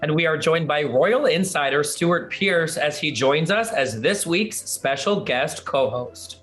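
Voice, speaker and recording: A man hosts an entertainment news show, his voice hoarse. He sits a little high for a man and keeps his delivery upbeat and conversational as he introduces stories and guests. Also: expressive, measured pace, fairly bright tone, faint music behind. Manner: upbeat, chatty presenting. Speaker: host.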